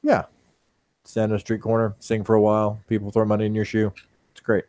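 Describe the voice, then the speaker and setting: A man playing a broke newcomer who makes dry, deadpan jokes in a tabletop game. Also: on the low side, brisk, no echo, natural voice. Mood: wry.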